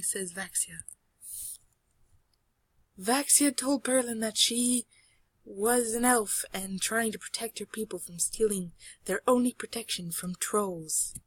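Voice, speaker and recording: A woman's voice: on the high side, takes it slowly, long pauses, breathy edge, no room sound, rough recording. Sarcastic young woman, dry close mic. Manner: sarcastic, playful, trails into quiet mumbles and whispers. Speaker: narrator. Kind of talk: sarcastic narration of her old animation.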